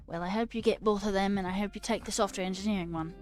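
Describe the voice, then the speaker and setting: A woman's voice: mid-range voice, fairly even intonation, fast, music in the background. A woman streamer chatting casually with her viewers while coding, self-mocking and swearing freely.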